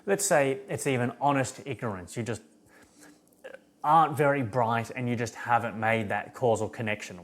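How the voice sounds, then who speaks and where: A man's voice: mid-range voice, sing-song, normal speed. A man giving an emphatic, rambling philosophy monologue full of restarts. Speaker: philosophy vlogger. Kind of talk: unscripted monologue.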